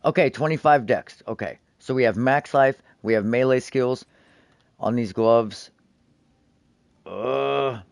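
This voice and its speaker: A young man streaming a video game, chatting casually and excitably, swearing often and restarting his sentences. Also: medium pitch, slow pace, creaky, no room sound. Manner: profane, excitable, many restarts.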